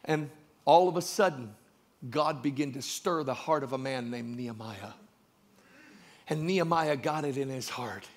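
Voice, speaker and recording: A man preaching a sermon, joking with the congregation and building from quiet asides to shouted emphasis. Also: medium pitch, normal speed. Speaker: pastor.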